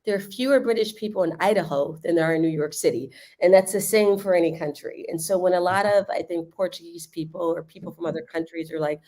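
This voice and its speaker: A woman with a lowish voice talks through her points on a video call, explaining at length and breaking into laughter. Her delivery is casual and animated, full of asides and questions to the host. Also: fast, hardly any pauses. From United States. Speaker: guest living in Lisbon. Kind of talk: casual livestream discussion.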